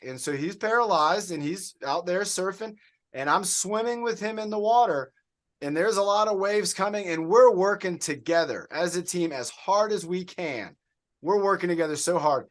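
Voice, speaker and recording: An upbeat man coaching an online workout class over a video call. His voice sits notably high for a man, and he keeps an encouraging tone as he praises students by name. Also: a bit bright. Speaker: fitness coach.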